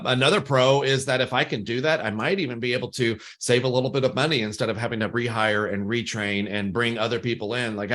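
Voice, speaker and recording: A man's voice: medium pitch, a bit bright. Emphatic man in podcast chat. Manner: emphatic, repeats himself for stress. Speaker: podcast co-host. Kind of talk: casual business chat.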